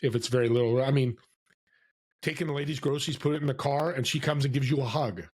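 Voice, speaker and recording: Guy on a podcast telling a story, acts out the people in it, mid-pitch voice. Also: fast, husky. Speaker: podcast guest. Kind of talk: storytelling interview. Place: California.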